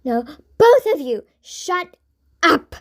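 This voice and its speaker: Brief: woman reader as plucky, exasperated storybook heroine, high and loud. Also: lively intonation, measured pace, full character voice. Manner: shouting, exasperated. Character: brave practical girl Sungha, blunt.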